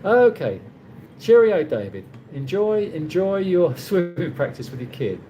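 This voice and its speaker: A man's voice: high-pitched, sing-song, measured pace, warm tone, highs cut off, slight background noise. A middle-aged man with a London accent, chatting casually on a livestream and reading viewer comments, rambling with many restarts. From London, England. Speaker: livestream host.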